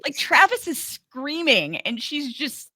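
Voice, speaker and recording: Bright-voiced female podcast co-host, giggly and halting, dry close mic. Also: high-pitched, big pitch swings, dry recording. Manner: giggly, halting, many restarts. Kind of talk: casual podcast chat.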